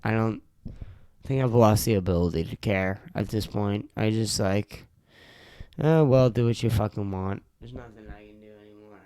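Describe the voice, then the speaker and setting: A young man talks alone into a close, dry podcast mic, his voice smooth and clear. He rambles and swears, exasperated and a little tipsy, and his throat sounds sore from talking so long. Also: on the low side, steady tone, moderate pace, dark tone, no room sound. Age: young adult. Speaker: podcast host. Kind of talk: casual solo podcast rant.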